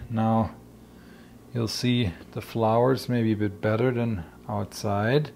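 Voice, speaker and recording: A man's voice: medium pitch, gravelly, darkish tone, a little hiss or hum. A man with a German accent, chatting casually while tasting and cooking wild plants in his home kitchen. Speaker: homestead vlogger.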